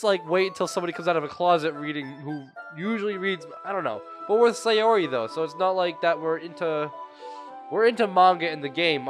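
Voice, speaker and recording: Young man reading a game, sore throat. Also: on the high side. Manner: chatty, rambling asides. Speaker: gaming video creator. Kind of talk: reading a visual novel aloud with commentary.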